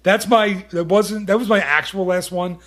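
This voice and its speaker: A man's voice: high voice, moderate pace, a bit bright. A man hosting a podcast in casual chat, rambling and teasing, with many restarts. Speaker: podcast host.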